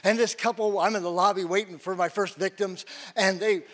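A man's voice: sits high, fairly even intonation, a little fast, a bit bright. An older man preaching, telling a personal story with acted-out quotes and laughs. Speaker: guest preacher. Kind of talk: sermon with personal testimony.

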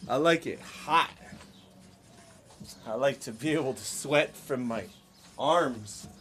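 This man from the United States has a mid-range, slightly bright voice and takes his time, with a little hiss or hum in the recording. He livestreams himself crafting stone-look art outdoors, chatting casually with viewers and frequently joking and laughing.

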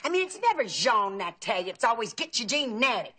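An actress playing a chatty aunt in a sitcom, fussy about pronunciation. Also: female voice, on the high side, big pitch swings, a little fast. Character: gossipy talkative Southern aunt, middle-aged. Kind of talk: sitcom acting. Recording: noisy old TV audio.

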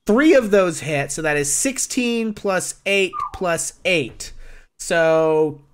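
Male game master, slightly high voice, loose narrating with lots of ums. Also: slow pace, smooth. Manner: relaxed, with frequent fillers.

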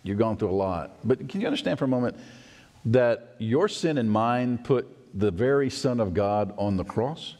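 Preaching man in a reverberant church. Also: normal speed. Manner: expressive, acts out quoted voices with rising pitch. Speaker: pastor. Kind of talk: sermon. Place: church sanctuary. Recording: long church hall reverb.

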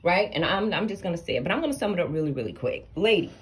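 A woman's voice: fairly low pitch, racing, a little hiss or hum. Blunt sassy woman telling a story. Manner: animated, blunt, sassy, addresses people directly. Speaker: storytime vlogger. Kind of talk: casual storytime commentary.

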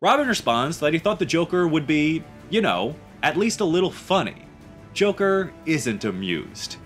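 A man narrating a scripted, enthusiastic story pitch as a channel host. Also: fairly bright tone. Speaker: YouTuber pitching a game story.

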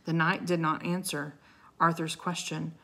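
A woman reading a children's chapter book aloud, slowly and clearly. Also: sits low, flat delivery, a bit bright. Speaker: storybook reader. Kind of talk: slow read-aloud narration.

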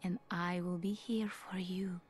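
A woman voicing a gentle, devoted female doll caretaker in a whispered role-play, soft and breathy, from a video game. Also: lowish voice, steady tone, a little slow, over music, lightly acted. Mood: serene.

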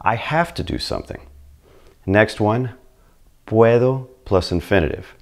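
A man's voice: on the low side, expressive, a little slow, creaky. A man whose first language is English, teaching beginners in an upbeat video lesson and speaking straight to the learner. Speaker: Spanish teacher.

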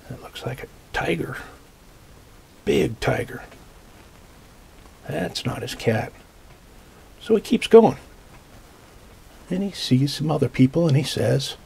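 Man reading a kids' picture book, slow and gentle, kinda husky, bouncy pitch. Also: very animated. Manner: gentle, explains pictures to children. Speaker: storytime reader.

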